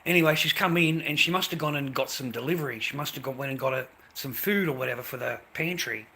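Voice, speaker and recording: A man's voice: mid-range voice, fast, gravelly, bright, forceful tone, a little hiss or hum. An Australian man telling a workplace grievance in a blunt, repetitive rant with heavy swearing. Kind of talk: ranting monologue.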